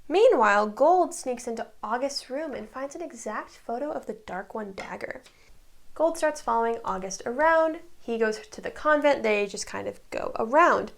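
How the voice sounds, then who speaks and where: Woman recapper, breezy and chatty, slightly high voice, vocal fry, talks straight to the viewer. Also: lively intonation, normal speed. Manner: chatty, retells scenes with "he's like" quotes. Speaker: TV recap creator. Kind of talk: casual plot recap.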